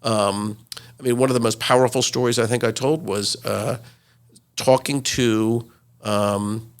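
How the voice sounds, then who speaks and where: Casting: gravelly sixties man, retired reporter, animated storyteller with plenty of "you know" and "uh". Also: on the low side. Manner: lively anecdotal storyteller, frequent fillers. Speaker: retired TV news correspondent, guest. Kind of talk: interview storytelling.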